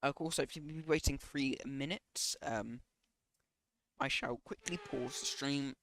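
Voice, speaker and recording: A man giving live commentary on an online racing league stream, with many ums and quick self-corrections. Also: mid-range voice, vocal fry, a bit bright, no room sound.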